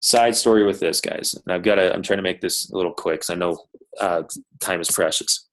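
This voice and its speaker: Energetic thirtysomething man, lowish voice, motivational storyteller on a call. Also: brisk. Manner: energetic, storytelling, addresses listeners as "guys". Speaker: sales manager speaking to coaches on a call. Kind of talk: motivational talk on a video call.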